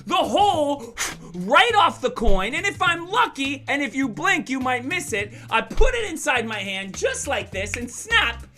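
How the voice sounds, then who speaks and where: High, bright playful kids' magician man. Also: measured pace, faint music behind. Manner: playful, animated, teasing the kids. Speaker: magician performing for schoolchildren. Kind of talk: virtual kids' magic show. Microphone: video call.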